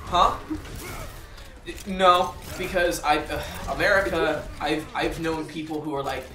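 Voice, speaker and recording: A man's voice: a little high, steady tone, a little slow, bright, forceful tone, a little hiss or hum. A man hosting a gaming channel, chatting casually while he plays and rambling with lots of fillers and restarts. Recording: roomy echo, distant mic.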